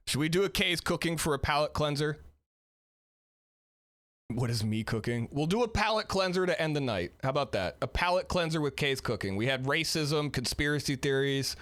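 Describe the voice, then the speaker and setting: Lively, animated male streamer. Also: fairly high pitch. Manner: animated, laughing, swearing. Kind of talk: reaction stream commentary.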